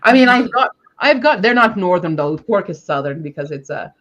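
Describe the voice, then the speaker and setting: A woman's voice: on the low side, animated, a little fast, a bit bright. Chatty Minnesotan woman, slightly muffled. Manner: chatty, rambling, slips into playful accents. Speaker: co-host. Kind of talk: casual chat on a writing stream.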